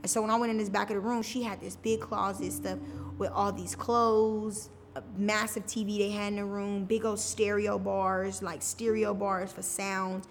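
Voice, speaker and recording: A woman's voice: mid-range voice, flat delivery, moderate pace, slight background noise. A woman telling her own story on a podcast, casual and candid, often saying "like". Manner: casual, frequent "like" fillers. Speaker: podcast guest. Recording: reverberant room with faint music.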